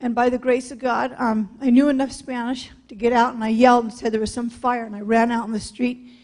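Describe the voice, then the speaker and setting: Woman, from California, high voice, blunt, candid, personal testimony talk. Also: level tone, brisk, darkish tone. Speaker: speaker sharing her testimony.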